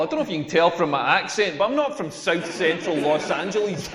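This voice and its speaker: Scottish man doing stand-up, high voice. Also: fast, hardly any pauses, crowd noise. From Scotland. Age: 40s. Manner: animated, mocking, acts out voices of others. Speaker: stand-up comedian. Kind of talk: stand-up comedy set. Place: comedy club stage before a live audience. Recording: roomy live venue with long reverb.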